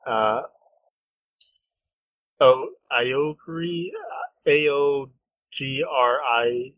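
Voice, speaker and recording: A young man co-hosting a podcast in casual chat, easygoing, hesitant, and quick to give his opinion. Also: medium pitch, sing-song, creaky, dry recording, phone-quality sound. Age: young adult. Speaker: podcast co-host.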